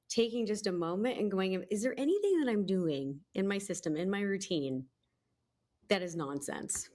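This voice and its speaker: A woman guest speaker sharing advice in an earnest, thoughtful way, laughing at herself now and then. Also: on the low side. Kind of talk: reflective advice talk.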